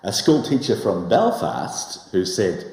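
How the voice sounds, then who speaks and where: A man with a New Zealand accent presenting a documentary on location in a playful, animated way. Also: on the low side, slow. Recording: echoey with long reverb.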